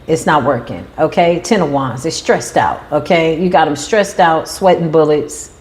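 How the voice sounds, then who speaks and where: Expressive woman reading tarot cards. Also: low voice, moderate pace. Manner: animated, emphatic, acts out quoted voices. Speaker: tarot reader.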